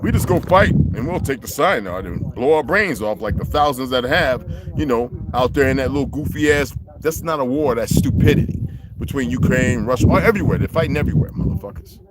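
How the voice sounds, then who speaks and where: A man's voice: medium pitch, animated, brisk, very noisy. A man hosting a livestream, ranting in a profane, preachy, confrontational way and greeting viewers by name. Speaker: livestream host. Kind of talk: livestream rant.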